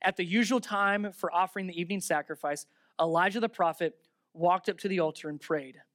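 A man preaching a sermon, reading Bible verses aloud and retelling them with lively asides, switching from loud sarcasm to hushed reverence. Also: high voice, a little fast, dry recording, studio quality. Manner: talks aside to the listeners between verses.

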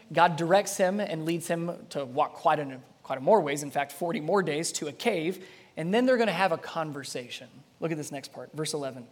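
A pastor preaching a sermon with dramatic delivery, swinging between loud passages and soft ones. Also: mid-range voice.

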